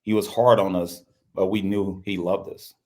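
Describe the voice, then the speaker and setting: With a warm, low voice, fairly even intonation and a moderate pace, a middle-aged Louisiana basketball coach tells an interviewer a personal story. He is earnest throughout, repeating phrases and dramatizing the words of others.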